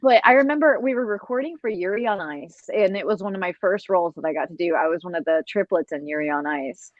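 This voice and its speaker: Young woman with a textured, husky voice. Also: fairly low pitch, quick pace, dry recording, dull audio. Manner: rambling storyteller who mimics voices. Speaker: voice actor on a panel. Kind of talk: casual panel chat.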